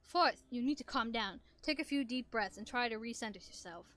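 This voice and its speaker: Calm kind robot father, slow soothing delivery, high bright voice, as a woman reads him. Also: no echo, soft background music.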